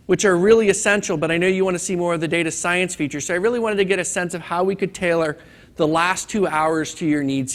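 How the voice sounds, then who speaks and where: In a classroom-style lecture at a conference training session, a man teaches a hands-on data class. His voice is high and a bit bright, and he talks casually with attendees and tells a corny joke.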